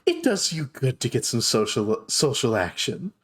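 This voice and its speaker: A man voicing an eager young female dwarf blacksmith in a tabletop game, with a bubbly, quick sales patter. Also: medium pitch, huge pitch swings, breathy edge. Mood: eager, friendly.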